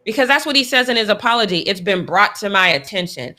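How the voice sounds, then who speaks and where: Bright-voiced woman sports co-host. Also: medium pitch, expressive, fast. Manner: opinionated, emphatic. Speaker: podcast co-host. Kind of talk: casual sports chat.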